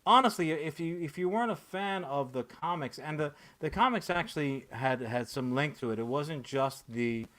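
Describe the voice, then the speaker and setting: A man's voice: fairly high pitch, animated, moderate pace, hardly any pauses, a bit bright. A man in his thirties hosting a casual comic-book podcast, ranting sarcastically and profanely with lots of fillers and restarts. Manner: profane, rambling, sarcastic rant with many fillers. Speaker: podcast host.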